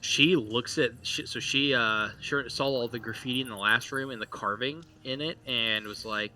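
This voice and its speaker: A man narrating as game master of a tabletop role-play, casual and halting, with many fillers. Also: medium pitch, sharp tone, faint music behind.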